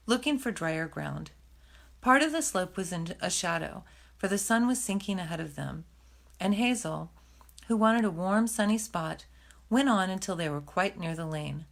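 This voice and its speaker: A woman's voice: lowish voice, gravelly, a bit bright. Woman reading a novel aloud. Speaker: reader.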